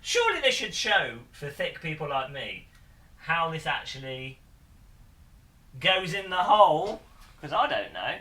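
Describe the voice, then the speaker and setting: A man's voice: a little high, very animated, measured pace, sharp tone, echoey room. A man streaming live, chatting casually in a bemused, rambling way and laughing often.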